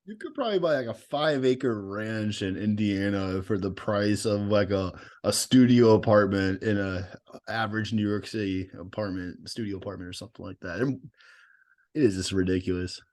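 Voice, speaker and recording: A man's voice: on the low side, moderate pace, a little mellow. A young man co-hosting a casual podcast, easygoing and joking. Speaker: podcast co-host. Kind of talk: casual chat.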